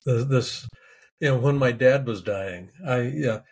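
A man hosting an interview podcast, gently affirming and then sharing his own story. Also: mid-range voice, unhurried, slight background noise. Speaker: podcast host. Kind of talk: interview conversation.

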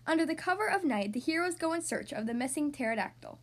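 Animated woman reading to kids. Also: sits high, fast. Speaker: podcast host reading to kids. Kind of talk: storybook read-aloud.

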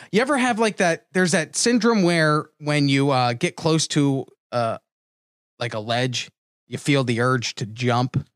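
A man from the New Jersey shore hosting a casual chat with quick joking banter. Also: on the high side, a bit bright, no echo, studio quality.

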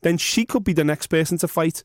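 A man's voice: a little high, a little fast, no room sound, clean studio sound. Blunt, enthusiastic podcast co-host man. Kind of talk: casual chat.

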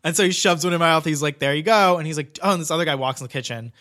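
A man's voice: fairly high pitch, rapid-fire, sharp tone. A man telling a long story in casual chat, rambling with lots of "like" and swearing. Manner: rambling, heavy use of "like", swearing.

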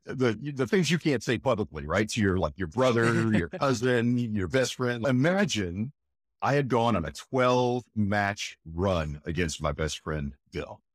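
A man, a voice actor, telling stories in an animated, emphatic way during an interview. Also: lowish voice, unhurried, no echo, studio quality. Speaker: voice actor guest. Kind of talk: enthusiastic interview chat.

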